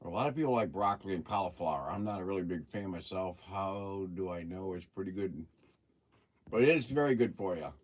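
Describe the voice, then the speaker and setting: A man's voice: low-pitched, animated, brisk. A man hosting a casual livestream, chatting with viewers while eating and talking with his mouth full. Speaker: livestream host.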